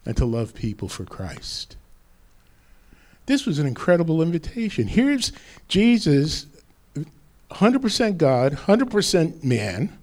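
A man's voice: a little high, a little mellow. A man preaching a sermon as pastor, quoting scripture with rising emphasis.

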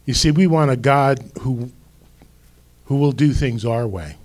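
A man preaching a sermon as pastor, slow and deliberate with emphatic rises. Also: mid-range voice, a little mellow.

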